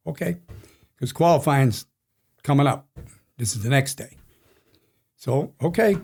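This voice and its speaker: A man's voice: medium pitch, normal speed, pauses often, a little mellow. A man in his sixties, a racing crew chief, telling rambling stories in a casual interview with frequent chuckles. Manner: rambling anecdotal storyteller, chuckles often. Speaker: NASCAR crew chief guest.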